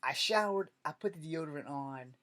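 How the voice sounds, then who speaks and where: A man telling comic stories straight to camera in an animated, joking way, with a lot of cursing. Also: fairly high pitch, normal speed. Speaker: vlogger. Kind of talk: comedic storytelling rant.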